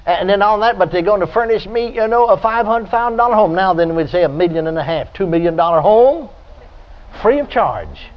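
An older man preaching a folksy radio sermon, telling stories and breaking into high, shouted praise. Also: animated, fairly quick. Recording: dull lo-fi archive radio recording.

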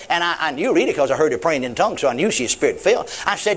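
Emphatic preacher man, pitch leaping. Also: racing, hardly any pauses. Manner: animated, emphatic, acts out dialogue. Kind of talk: sermon storytelling.

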